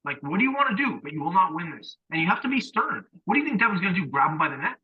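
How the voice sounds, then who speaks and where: A man's voice: sits high, sing-song, rapid-fire, slightly rough. A man co-hosting a podcast, ranting sternly and profanely in casual chat. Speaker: podcast co-host. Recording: dull, muffled audio.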